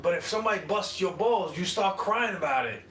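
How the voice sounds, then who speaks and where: Livestream host, male, higher-pitched, combative and cursing, echoey room far off the mic. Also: lively intonation, fairly quick, fairly bright tone, slight background noise. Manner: profane, sarcastic, combative; mocking, mimics opponents. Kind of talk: unscripted rant.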